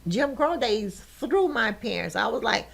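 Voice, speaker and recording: A woman's voice: on the high side, very animated, a little slow, vocal fry. Older woman telling an emotional story. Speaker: podcast host. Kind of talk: personal storytelling in conversation.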